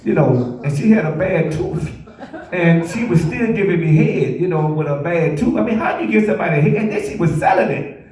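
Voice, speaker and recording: A stand-up comedian rambles through his stories and keeps breaking into laughter at his own punchlines. He has a high-pitched voice. The sound is distant and rings through a very echoey club. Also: lively intonation, a little fast, darkish tone. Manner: loose, rambling storytelling with frequent laughs at his own jokes. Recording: very echoey room from afar.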